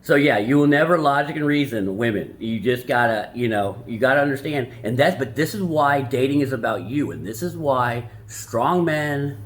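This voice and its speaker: A man's voice: mid-range voice, lively intonation, normal speed, few pauses. A man vlogging casually about dating advice, loose and crude with many restarts and asides. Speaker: vlogger summarizing a self-help book. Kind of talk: casual, rambling talk.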